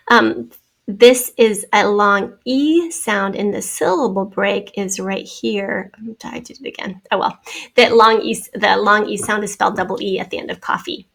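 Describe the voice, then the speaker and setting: A woman's voice: medium pitch, normal speed, vocal fry, a bit bright. A woman teaching a spelling lesson, patiently sounding out words and letters as she draws on the screen.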